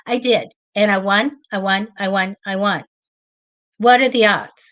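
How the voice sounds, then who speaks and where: Woman, middle-aged, chatty live-stream host, excitable storyteller, mid-pitched voice. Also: unhurried. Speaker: psychic reader and show host. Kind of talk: casual live-stream chat.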